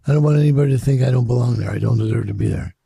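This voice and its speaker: Talking very fast, an older man from Chicago gives candid, reflective interview stories about his past, swearing freely and imitating the people he quotes. His deeply gravelly, husky voice has a dark, mellow tone, and the close, dry recording has no echo or room sound.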